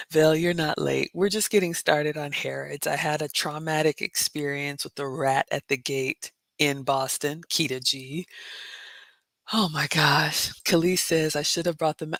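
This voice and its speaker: A woman hosting a casual livestream, reading viewer comments and telling a story with loud exclamations and hushed asides. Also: sits low, no echo. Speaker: livestream host.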